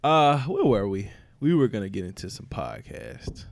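A man's voice: lowish voice, wildly swooping pitch, moderate pace, creaky. A man hosting a podcast in loose, profane, joking casual chat. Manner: laid-back, profane, joking. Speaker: podcast host.

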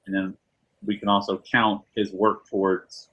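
A man's voice: lowish voice, monotone, measured pace, a bit bright, husky, poor audio. A man in a casual business meeting, explaining an idea through example dialogue. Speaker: colleague.

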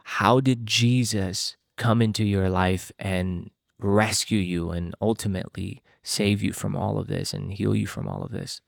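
A man's voice: fairly low pitch, steady tone, unhurried, gravelly, hardly any pauses, dry recording, clean studio sound. A man hosting an interview, asking earnest, probing questions. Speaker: interview host.

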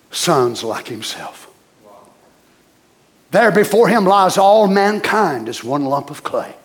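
Impassioned preacher. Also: male voice, a little high. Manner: impassioned, swinging from shouts to whispers. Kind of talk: sermon.

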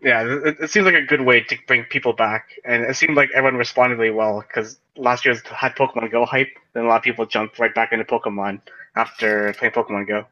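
Fast-talking man on dull lo-fi audio. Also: mid-range voice, fairly even intonation, sharp tone. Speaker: podcast co-host. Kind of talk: casual chat.

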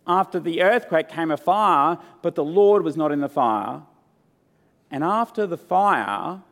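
Male pastor preaching, earnest and unhurried, long echo like a big church. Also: fairly high pitch, expressive. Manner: earnest, unhurried preaching with rising emphasis, softening to a hushed prayer. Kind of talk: sermon. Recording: long hall reverb.

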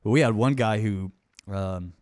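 Man with a dry, close, lowish voice. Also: moderate pace, a little mellow, no echo. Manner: storytelling, mimics people he describes. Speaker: podcast host. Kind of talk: casual chat.

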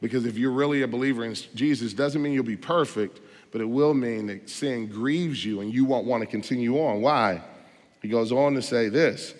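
A man pastor delivering a sermon in church, emphatic and full of rhetorical questions, swinging between loud stresses and quiet asides. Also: mid-range voice, normal speed. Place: church sanctuary. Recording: long hall reverb.

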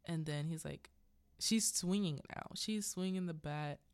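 Slow, low-voiced woman rambling through a recap. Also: smooth, dry recording. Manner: rambling, unsure asides. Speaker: podcast host. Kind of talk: casual film recap.

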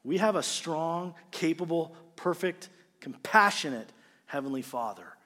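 A man's voice: fairly high pitch, a little slow. Man preaching in a reverberant hall. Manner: animated, swings from loud emphasis to quiet. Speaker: pastor. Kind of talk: sermon.

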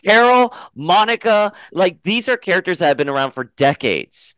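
Chatty male interviewer with a smooth voice. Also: high voice, big pitch swings, fairly bright tone, dry recording. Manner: chatty, laughs easily, quick interjections. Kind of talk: casual interview chat.

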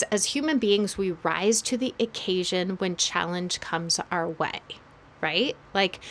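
A young adult woman co-hosting a podcast, talking in a thoughtful casual way and often stopping to search for words. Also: mid-range voice. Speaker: podcast co-host. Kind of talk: casual chat.

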